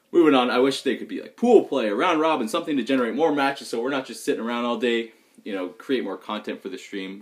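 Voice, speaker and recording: A young man, a pro gamer, talking in a loose, rambling and frank vlog chat. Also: on the low side. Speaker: pro gamer vlogging about tournaments.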